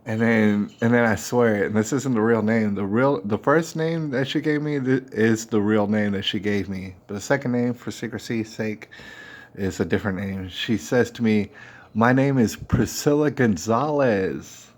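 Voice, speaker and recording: A man's voice: fairly low pitch, moderate pace. A man, the host, telling a personal story in a casual, slangy way and acting out the dialogue. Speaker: podcast host.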